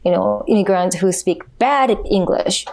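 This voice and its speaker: A woman's voice: medium pitch, unhurried, darkish tone. A woman who is a podcast guest, chatting frankly and animatedly in English with non-native phrasing and frequent laughs. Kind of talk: casual podcast chat.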